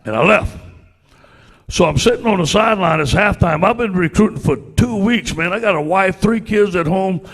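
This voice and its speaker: A middle-aged man with a Cajun accent from Louisiana, a football coach telling folksy, animated anecdotes to a club audience. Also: sits high, normal speed, big-room sound. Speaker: guest speaker, football coach. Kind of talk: storytelling speech to a club audience.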